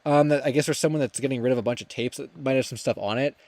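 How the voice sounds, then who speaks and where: A man's voice: mid-range voice, rapid-fire, darkish tone, no room sound. A young man hosting a livestream, chatting casually and reading viewer comments aloud, rambling with many fillers and restarts. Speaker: livestream host.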